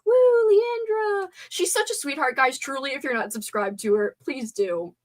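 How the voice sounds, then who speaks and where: A woman's voice: high-pitched, lively intonation, normal speed. A young woman hosting a casual livestream from a room at home, chatting playfully and answering her viewers' messages aloud. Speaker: livestream host. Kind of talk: casual live chat with viewers.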